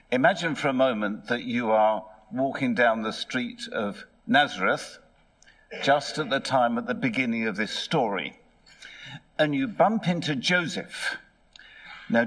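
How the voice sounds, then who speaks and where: A man's voice: medium pitch, a bit bright. Middle-aged male preacher, storytelling sermon in church, acts out the characters. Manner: storytelling, puts on voices for characters.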